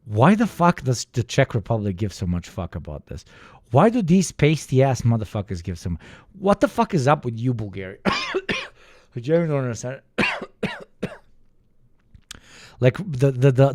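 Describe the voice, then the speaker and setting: A man's voice: mid-range voice, dark tone, no echo, studio quality. A young man from the former Yugoslavia giving a casual, profane, ranting reaction commentary and mimicking other people. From former Yugoslavia, Balkans. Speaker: reaction streamer.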